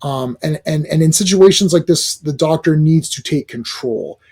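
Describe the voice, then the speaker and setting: A man's voice: a little high, normal speed, darkish tone. A man giving a casual, rambling review rant, exasperated, with many fillers and restarts. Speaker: video reviewer.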